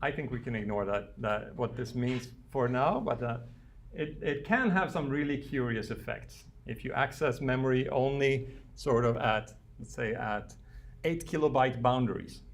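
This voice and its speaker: Male lecturer, medium pitch, gravelly voice, halting classroom delivery full of ums and restarts. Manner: thinks aloud with frequent fillers and restarts. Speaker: university lecturer. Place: lecture room.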